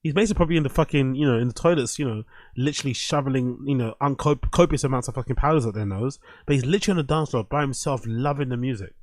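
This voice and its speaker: Male host, mid-pitched, dry recording, blunt mocking clip commentary. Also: fast talker, no echo. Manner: blunt, heavy swearing, animated mocking. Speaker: show host. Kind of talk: casual commentary reacting to clips.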